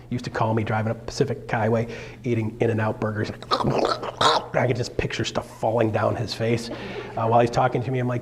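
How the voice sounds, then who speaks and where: A man coaching a live seminar audience in an animated, jokey way, acting out quotes in a raised voice. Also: medium pitch, fast, slight background noise. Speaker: real estate coach. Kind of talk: energetic seminar talk.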